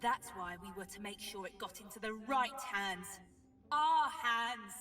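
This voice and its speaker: An actress playing a bitter, sharp-tongued female dwarf ghost in a video game. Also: medium pitch, expressive, unhurried. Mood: scornful. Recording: game audio, heard from a distance.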